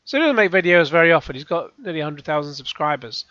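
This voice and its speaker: A man rambles through sarcastic video commentary, sighing and restarting as he goes. His voice sits a little high. The close recording is dry and slightly dull. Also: expressive, fast, bright, forceful tone, no room sound. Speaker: YouTube reaction host.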